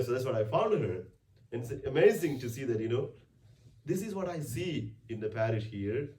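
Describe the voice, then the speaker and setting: A man's voice: medium pitch, a little mellow. A man preaching a conversational weekday homily as a priest, with frequent restarts and rhetorical questions. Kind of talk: sermon. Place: church. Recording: roomy church sound from a distant mic.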